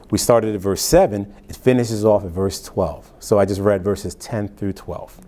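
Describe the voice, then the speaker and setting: A man with a fairly low voice and a dark, mellow tone teaches from scripture as a pastor. He reads verses at a deliberate pace and breaks off into easy, conversational explanations. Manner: reads scripture slowly, then explains in plain, conversational asides. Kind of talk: Bible teaching sermon.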